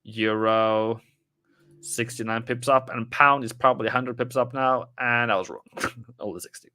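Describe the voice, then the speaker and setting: A man's voice: medium pitch, fairly even intonation, moderate pace, sharp tone, no room sound, clean studio sound. A man casually commenting on a live trading stream, rambling and chatting with viewers as he goes through the charts.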